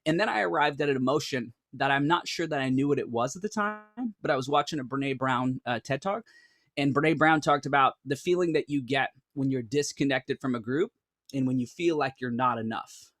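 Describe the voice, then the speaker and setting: A man in his thirties telling a group an earnest personal story, animated and full of restarts and "like". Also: medium pitch, a little fast, dry recording, studio quality. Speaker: speaker.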